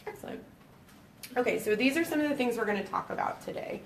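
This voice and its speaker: A woman's voice: a little high, lively intonation, quick pace. A woman from Boston with a Boston accent, a nurse giving a friendly educational presentation with frequent fillers. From Boston, USA. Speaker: pediatric epilepsy nurse presenter. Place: library meeting room. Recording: echoey room, distant mic, faint noise.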